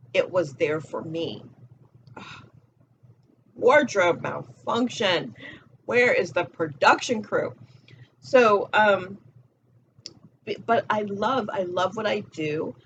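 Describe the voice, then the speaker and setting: A woman's voice: on the low side, lo-fi sound, a little hiss or hum. A woman giving a casual motivational talk as a spiritual coach, blunt and profane, repeating her key phrases.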